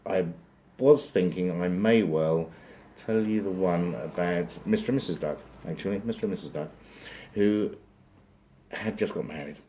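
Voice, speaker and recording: A man telling a long, rambling joke, wandering into dry asides along the way. His voice is deep and mellow, with a faint hiss behind it. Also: normal speed. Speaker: joke teller. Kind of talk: rambling comic storytelling.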